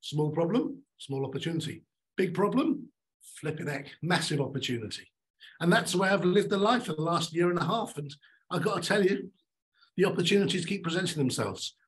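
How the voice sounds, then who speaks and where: A middle-aged man giving a motivational talk on stage, emphatic and animated, repeating his key lines. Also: on the high side, brisk, poor audio. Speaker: keynote speaker.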